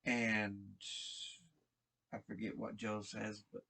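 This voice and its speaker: A man casually retelling a TV episode, halting and repeating words as he restarts his sentences. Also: on the low side, level tone, creaky, bright, forceful tone, slightly rough. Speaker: show recap vlogger.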